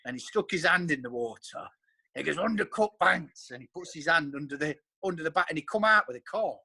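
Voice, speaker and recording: A man chatting on a video call, telling animated stories and acting out his friends' voices. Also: on the high side, fast talker, no echo. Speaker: regular angler on the chat. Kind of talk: casual video call chat.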